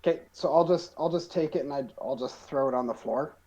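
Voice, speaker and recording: A man's voice: a little high, brisk, a little mellow, rough recording. A man playing a character in a tabletop role-playing game, drawling and sarcastic. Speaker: player. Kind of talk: casual role-play as a player character.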